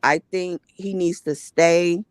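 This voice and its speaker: A woman's voice: fairly low pitch, fairly even intonation, slow, dry recording, studio quality. A woman co-hosting a casual recap chat, blunt and opinionated. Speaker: co-host.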